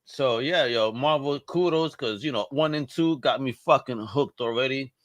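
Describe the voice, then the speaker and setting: A relaxed man co-hosts a casual chat show. He talks in slang and swears without thinking about it. His voice is mid-pitched, and it is recorded dry and close to the mic. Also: moderate pace, no room sound. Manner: laid-back, slangy, swears freely. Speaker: co-host. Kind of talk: casual pop-culture chat.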